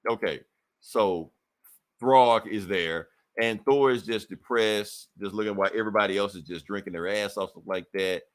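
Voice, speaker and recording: A man's voice: fairly low pitch, normal speed. A man co-hosting a podcast, recapping a comic book in a loose, profane, laughing way. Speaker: podcast co-host.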